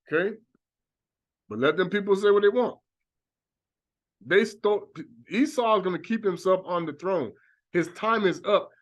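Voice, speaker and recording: A man with a notably high voice preaches in a long monologue. He talks animatedly and breaks into acted-out exclamations to make his point. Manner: animated, acts out reactions in exclamations. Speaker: religious teacher.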